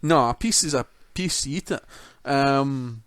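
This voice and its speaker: A Scottish man co-hosting a podcast, chatting casually, sweary and animated. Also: mid-range voice, a little slow, smooth, dry recording, studio quality. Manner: sweary, animated, bursts into mock voices and laughter. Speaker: podcast co-host. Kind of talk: casual chat.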